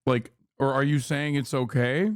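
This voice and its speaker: A man's voice: medium pitch, fairly even intonation, moderate pace, dry recording, clean studio sound. A man in his thirties streaming casual commentary on a news clip, sarcastic and mocking. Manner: sarcastic, mocking, acts out mock voices.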